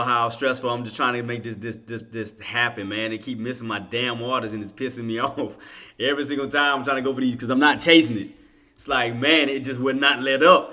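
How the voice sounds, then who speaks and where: A man streaming live day-trading commentary, talking casually with slang, laughing and teasing his viewers, then dropping to a low mutter while he places orders. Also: sharp tone.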